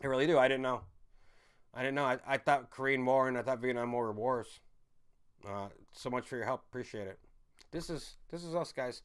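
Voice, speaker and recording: Angry ranting man, smooth voice. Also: a little fast. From United States. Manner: angry, swearing, swings from loud outbursts to low muttering. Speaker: livestream host. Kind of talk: casual ranting livestream.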